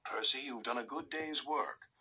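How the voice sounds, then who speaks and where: A man voicing a stern, fatherly railway boss, firm and measured in a storybook reading. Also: mid-range voice, sharp tone, husky, heavily acted. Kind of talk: storybook narration.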